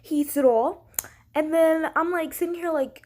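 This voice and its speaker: A woman's voice: high-pitched, normal speed, darkish tone. A young woman ranting profanely and indignantly in a casual vlog, filmed at home on her camera. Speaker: vlogger.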